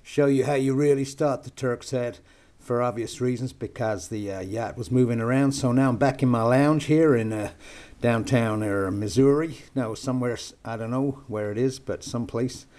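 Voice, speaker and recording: A man's voice: medium pitch, normal speed, a little mellow. An older man from the United Kingdom with a put-on American accent, giving a chatty, jokey knot-tying lesson at home with lots of hesitant fillers. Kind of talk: homemade instructional video. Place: home lounge.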